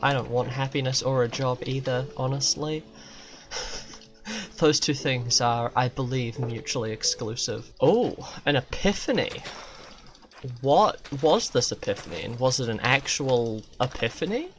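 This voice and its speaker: Casting note: male game streamer, slow unhurried delivery with lively pitch, absurdist and crude. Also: slight background noise. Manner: rambling absurdist jokes, profane. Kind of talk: live gameplay commentary.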